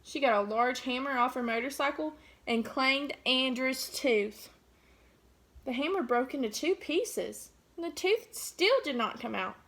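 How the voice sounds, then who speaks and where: Woman teacher, high voice, gentle, asks questions, picture book read-aloud. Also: lively intonation, measured pace.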